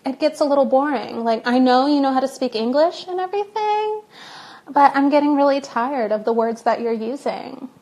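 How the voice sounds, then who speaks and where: A young woman chats in a casual live-stream Q&A, recorded on a phone. Her voice sits high. She talks playfully, cracks jokes and reads questions from viewers aloud. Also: animated, normal speed, a little mellow. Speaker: English teacher hosting a live Q&A.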